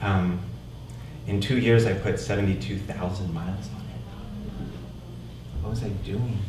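A man's voice: low voice, fairly even intonation, measured pace. Man telling a story on stage, very echoey. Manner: conversational, keeps checking in with "right?". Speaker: one-man show performer. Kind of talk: theatrical storytelling monologue. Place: live stage in a theater. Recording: echoey room, mic far off, noisy.

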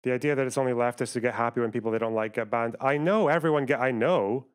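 A man's voice: medium pitch, clean tone. A young man streaming live, arguing heatedly with his chat in a profane, rambling way. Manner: profane, argumentative, rapid asides to chat. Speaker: livestreamer.

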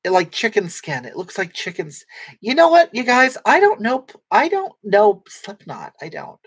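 Guy putting on a breathy middle-aged lady, crude and weepy, rambles and restarts, reading chat on a comic livestream. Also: high voice, huge pitch swings, a bit bright, heavily acted. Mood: rambling. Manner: rambling, halting, with frequent restarts. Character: brash, tearful, crude middle-aged woman. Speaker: livestream host reading comments.

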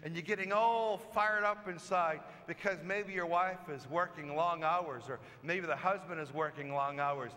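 A man's voice: a little high, normal speed, few pauses, sharp tone. A man preaching a sermon as a pastor, telling stories in a conversational way and acting out the quoted lines. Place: church. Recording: long church reverb.

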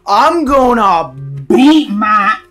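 A young man hosting a gaming channel, talking through a horror game, jumpy and quick to yell and swear when startled. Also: very high-pitched, expressive, faint music behind. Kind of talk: gaming commentary.

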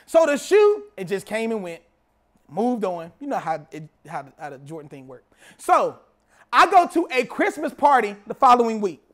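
A young man preaching a sermon, telling a story and repeating phrases as he builds to shouting. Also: very high-pitched. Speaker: pastor.

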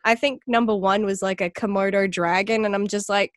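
Brief: Australian woman guest, bubbly and expressive, plays out quotes in her stories, dry close recording. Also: mid-range voice, a little fast, few pauses, dry recording. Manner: animated, acts out quoted remarks with laughter. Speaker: podcast guest. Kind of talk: casual chat.

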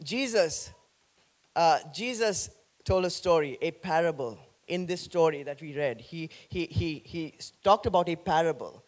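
A man pastor preaching an animated sermon, joking with the congregation. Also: fairly high pitch, measured pace.

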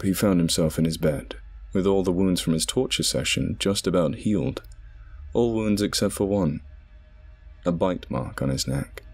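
Low-voiced man, husky, horror story narration, faint music behind. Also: darkish tone. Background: background music.

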